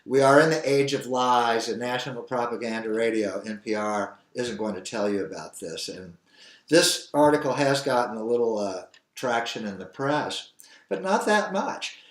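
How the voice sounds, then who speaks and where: A man's voice: medium pitch, animated, moderate pace. Older man hosting, echoey room. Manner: rambling, earnest, with restarts. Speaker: show host. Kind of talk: opinionated solo commentary.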